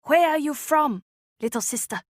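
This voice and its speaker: A woman voicing a grown fisherwoman who speaks slowly and firmly but kindly. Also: sits high, expressive, no room sound, studio quality, pitched above the performer's own voice, exaggerated voice. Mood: gentle. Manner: slow, raised, scolding then gentle.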